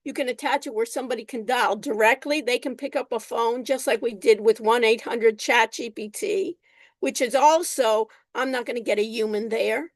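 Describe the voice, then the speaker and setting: A woman instructor lecturing her class over a video call, unhurried, often repeating herself and calling on students by name. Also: on the high side, no room sound. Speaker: college instructor.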